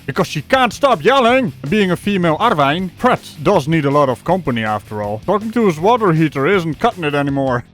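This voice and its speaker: A man's voice: a little high, sing-song, brisk, hardly any pauses, faint music behind. A man hosting a mocking comedy commentary video, talking in a sarcastic, ranting, jokey way.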